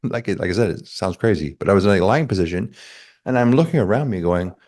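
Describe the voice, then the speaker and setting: A man telling a personal story in a casual chat, animated and acting out the quotes. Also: deep voice, quick pace.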